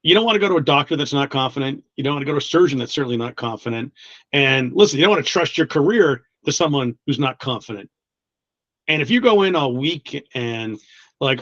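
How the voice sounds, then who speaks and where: A man working as a recruiter, chatting casually in an interview, blunt and quick to swear, laughing often between many restarts. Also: medium pitch, expressive, fairly bright tone, no room sound, muffled recording. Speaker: guest recruiter.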